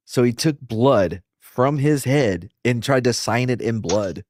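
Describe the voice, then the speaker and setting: Profane man telling animated stories. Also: medium pitch, slow, dry recording, clean studio sound. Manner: profane, animated anecdotes with acted quotes. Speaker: podcast host. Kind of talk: casual storytelling.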